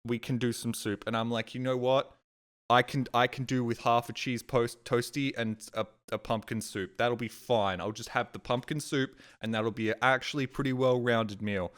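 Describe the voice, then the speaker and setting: A man's voice: mid-range voice, steady tone, normal speed, fairly bright tone. Swearing, ranting man. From Australia. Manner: swears often, ranting, exasperated. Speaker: streamer. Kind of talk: casual storytelling rant.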